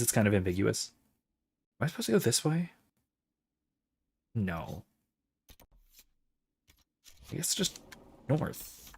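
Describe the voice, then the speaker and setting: Low-ish male let's-play host, musing chat-reader who thinks out loud. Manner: musing, thinks aloud with frequent restarts. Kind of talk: livestream commentary while gaming, reading out chat.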